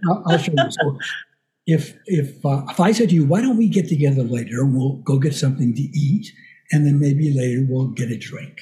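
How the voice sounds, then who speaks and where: A man's voice: mid-range voice, brisk, mellow. An older man, a voice coach, explaining breathing and speech in a casual podcast conversation, patiently acting out examples as he goes.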